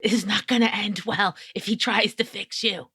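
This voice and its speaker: A woman playing in a tabletop game, excitable and quick to shout and laugh. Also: medium pitch, breathy edge. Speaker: player. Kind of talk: tabletop role-play banter.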